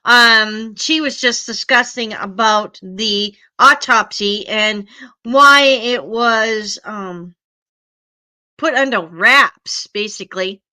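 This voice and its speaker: A woman's voice: a little high, slow, sharp tone. A woman hosting a casual livestream, greeting viewers by name and sounding a little stuffy from allergies. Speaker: livestream host.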